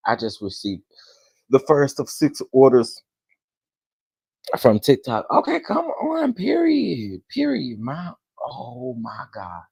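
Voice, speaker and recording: A man, hosting a casual commentary chat, animated and dramatic as he talks to his viewers. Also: mid-range voice, slow pace, creaky, husky, no echo, poor audio. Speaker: commentary channel host.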